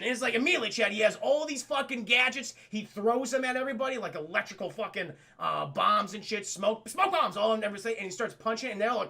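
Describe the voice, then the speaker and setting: An excitable man recaps a cartoon episode for his live chat, talking to them directly and swearing freely. His voice sits high and bright, with a noticeable gravelly fry. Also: fast talker, hardly any pauses. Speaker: cartoon reviewer streaming to chat. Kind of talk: casual, profane episode recap.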